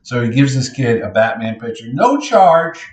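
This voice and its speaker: A man's voice: mid-range voice, a little fast. Middle-aged man telling stories in a roomy echo. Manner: animated anecdotes, acts out others' lines. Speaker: convention organizer. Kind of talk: casual podcast storytelling.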